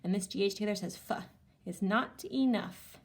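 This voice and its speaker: A woman teacher leading a reading lesson for young children, sounding out words slowly and reacting with animated excitement. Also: mid-range voice. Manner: animated, exaggerated excitement with gasps and slow sounding-out.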